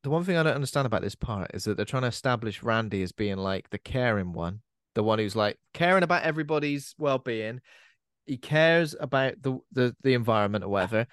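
A man's voice: mid-range voice, lively intonation, fairly quick, smooth, no echo, studio quality. A young man co-hosting a podcast, casually recapping a horror film's plot with loose asides. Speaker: podcast co-host. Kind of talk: casual film chat.

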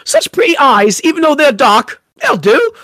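A wheedling faerie godmother with a hammy mock Cockney accent, put on by a podcast host. She drives hard bargains in a high, swooping voice. The recording is dry and close. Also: very animated, normal speed, sharp tone, no room sound, exaggerated voice. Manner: wheedling, theatrical. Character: sly old female faerie godmother, bargaining.

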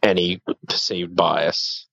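A man's voice: low-pitched, flat delivery, slow pace, vocal fry, a bit bright, no echo, highs cut off. A man leaving a joking, profane voicemail, ad-libbing as he goes. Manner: joking, swears freely, ad-libbing. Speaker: voicemail caller.

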